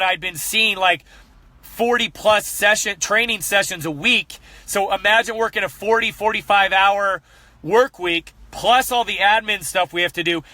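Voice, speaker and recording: In a dry recording, a high-pitched man in his thirties coaches fitness with a candid motivational talk; he's earnest and animated and repeats points once he's fired up.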